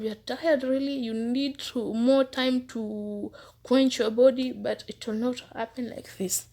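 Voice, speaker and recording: A woman telling her own story as a former housemaid, in an earnest, casual way. She repeats words for emphasis and sometimes drops into hushed asides. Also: fairly high pitch, steady tone, measured pace. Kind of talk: personal testimony, casual storytelling.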